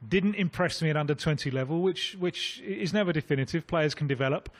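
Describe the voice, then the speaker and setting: Male radio pundit, slightly high voice, assured and explanatory. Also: brisk. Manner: informative, assured. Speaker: football pundit.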